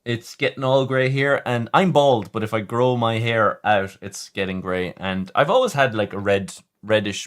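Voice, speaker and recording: A man's voice: fairly low pitch, fairly bright tone. A man hosting a casual livestream, chatting with viewers in a rambling way, often stumbling and restarting. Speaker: livestream host reading chat.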